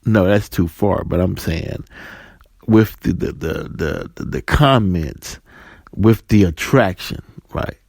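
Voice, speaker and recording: A male talk radio host with a gravelly voice. He rambles loosely through his points and tags them with questions, recorded close and very dry. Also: on the low side, a little mellow, no echo. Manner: rambling, keeps asking "right?".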